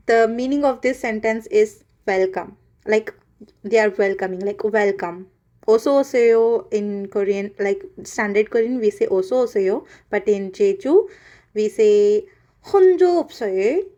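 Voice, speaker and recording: A woman hosting a casual language video, chatty and full of pauses and fillers, breaking into quick Korean example phrases. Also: a little high, warm tone, lo-fi sound. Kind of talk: casual explainer.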